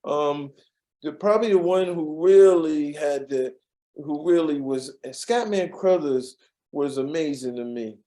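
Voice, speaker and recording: Rambling man with a mellow voice. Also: fairly high pitch, a little slow, poor audio. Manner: rambling, many fillers and restarts, laughs at his own stories. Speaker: former studio assistant, interview guest. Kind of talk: storytelling interview.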